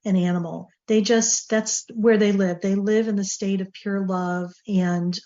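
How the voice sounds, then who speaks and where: Woman host, loose conversational delivery, mid-pitched, slightly lo-fi recording. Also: steady tone, measured pace, dark tone. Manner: chatty, rambling, full of fillers. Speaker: show host. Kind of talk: casual talk-show monologue.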